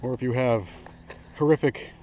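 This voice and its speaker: This lo-fi clip, with a faint hiss or hum, features a man with a mid-range, dark-toned voice at a normal speed. He's an outdoor gear reviewer demonstrating his hammock setup among trees in a casual vlog. He's enthusiastic and rambling, often breaking off mid-sentence.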